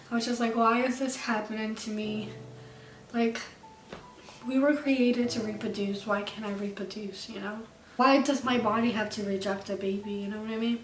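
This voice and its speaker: A young woman vlogger candidly telling a personal story to camera, emotional and tearful at times. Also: fairly high pitch. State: crying at times. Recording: echoey room, far from mic, faint music.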